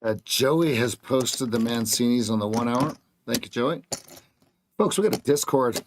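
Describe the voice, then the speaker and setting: A man's voice: mid-range voice, normal speed, a little hiss or hum. A man coaching viewers through a live trading stream, giving clipped, blunt market calls with casual slang.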